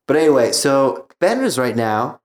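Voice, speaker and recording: A man's voice: mid-range voice, big pitch swings, moderate pace. A man hosting a podcast, chatting casually in a rambling, self-deprecating way and laughing often. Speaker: podcast host.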